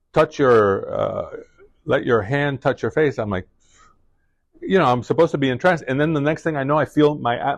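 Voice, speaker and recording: A middle-aged man speaking to a class, telling a personal story in a halting way full of restarts and fillers. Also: medium pitch, no echo. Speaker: guest speaker.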